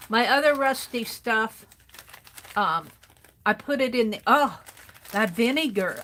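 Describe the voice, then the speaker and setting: Hosting a craft livestream, a woman with a medium-pitched, slightly bright voice chats casually as she sorts through supplies at her home desk. She muses out loud and greets viewers by name.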